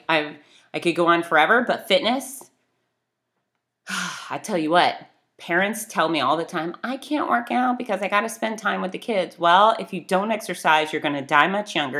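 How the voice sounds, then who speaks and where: A woman's voice: fairly low pitch, fairly bright tone. A middle-aged woman giving an emphatic, blunt motivational talk that urges listeners to act. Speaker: motivational speaker.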